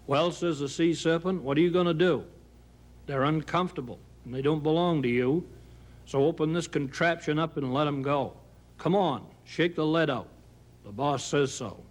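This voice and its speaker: Maine storyteller, man, slightly high voice, folksy drawl, reciting comic verse. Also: normal speed. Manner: folksy down-east drawl, acts out characters. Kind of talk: reciting a humorous narrative poem. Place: home kitchen.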